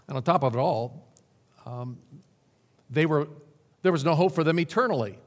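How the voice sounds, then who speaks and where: A man's voice: a little high, moderate pace. A man preaching a sermon with dramatic emphasis, lists and repetition. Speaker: pastor. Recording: long hall reverb.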